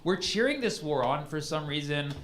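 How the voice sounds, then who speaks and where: A man's voice: fairly high pitch, animated, normal speed, fairly bright tone. A man doing a stand-up comedy set in a rambling, ironic way, full of "like" and "you know", recorded live on a comedy club stage with audience noise.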